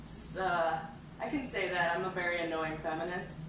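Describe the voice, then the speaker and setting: A woman's voice: lowish voice, steady tone, normal speed, background noise. Brash woman comic in an echoey bar. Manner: brash, profane, bantering with the crowd. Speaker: stand-up comedian. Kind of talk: stand-up comedy set. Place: bar with live audience. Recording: echoey room, far from mic.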